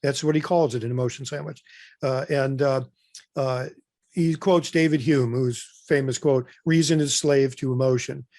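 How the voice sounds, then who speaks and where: A man's voice: medium pitch, fairly even intonation, normal speed, a little mellow, no room sound, clean studio sound. A man presenting an informal webinar training, talking loosely with many fillers and restarts.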